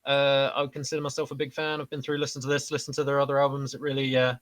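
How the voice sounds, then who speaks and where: A man's voice: medium pitch, monotone, rapid-fire, no echo. A man in casual chat, giving his view of an album in an easygoing way. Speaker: band member.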